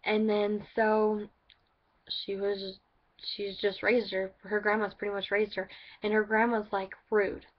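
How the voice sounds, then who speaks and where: A woman's voice: medium pitch, little pitch movement, measured pace, highs cut off. A woman telling a story in a casual vlog, rambling with lots of "like" and restarts. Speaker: vlogger.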